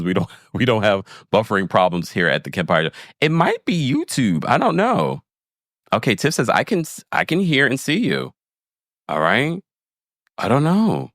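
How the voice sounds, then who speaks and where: With a lowish voice captured in a dry, studio-quality recording, a man chats casually on a livestream. He recaps a reality show, reads viewer comments aloud with laughs, and talks animatedly to his viewers.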